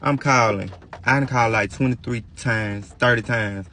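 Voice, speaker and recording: A man telling a dramatic storytime to viewers, animated and profane, talking straight to his audience. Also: mid-range voice, moderate pace, slight background noise. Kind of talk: storytime vlog addressing viewers.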